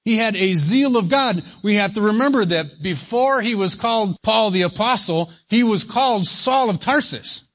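A man preaching an expository sermon, speaking deliberately and stretching key words for emphasis. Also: high-pitched, lively intonation, fairly bright tone. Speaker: pastor.

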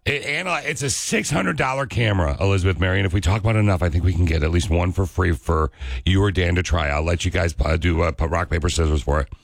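A man hosting a playful morning radio show, talking fast with enthusiasm and tripping over his words. His voice is somewhat low and gravelly. The studio sound is dry and close. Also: dry recording. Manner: excitable, stammering, playful. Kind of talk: casual morning radio banter. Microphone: studio microphone.

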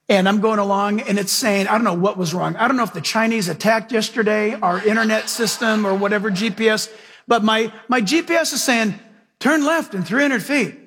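A middle-aged pastor with a high, husky voice preaches in an animated way. He swings from loud to hushed as he tells his stories. The long reverb of a big sanctuary trails after every phrase. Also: moderate pace. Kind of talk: sermon.

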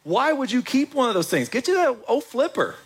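A man preaching a sermon in an animated, conversational way, with quick asides to the congregation. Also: very high voice, husky. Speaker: pastor.

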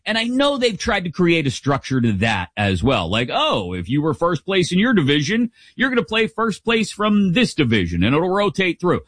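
A middle-aged man hosting a sports talk show, giving casual, opinionated commentary in an animated, jokey way. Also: on the high side, normal speed, hardly any pauses, no echo. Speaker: sports podcast host.

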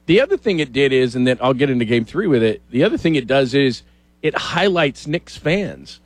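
A middle-aged man hosts a casual sports talk show and rambles through stories with animated asides. His voice sits at an ordinary pitch for a man. The recording is close and dry, with no room sound. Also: a little fast, no echo. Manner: chatty storyteller, animated asides.

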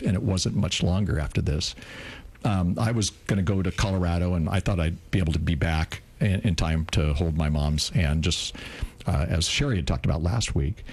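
A man in his sixties co-hosting a radio talk show, telling a heartfelt personal story and slowing down for emphasis. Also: darkish tone, breathy edge. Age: 60s. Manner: acts out quoted lines in a higher voice.

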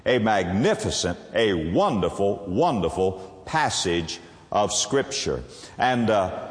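A man preaching a sermon in a church, his voice rising and falling with lively swings of pitch. He lingers on single words with dramatic pauses and reads scripture slowly and solemnly. A long reverb trails after him in the hall. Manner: dramatic pauses and emphatic word-by-word stress.

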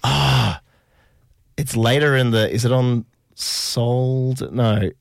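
A man's voice: mid-range voice, slow, vocal fry, no echo, studio quality. A man hosting a casual interview, enthusiastic and sweary, full of restarts. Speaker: podcast host.

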